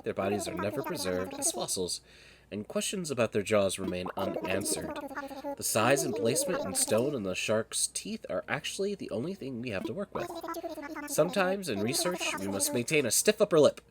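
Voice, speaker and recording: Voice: medium pitch, natural voice. A streamer putting on a pompous scholarly owl. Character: scholarly male owl museum curator. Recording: background hiss.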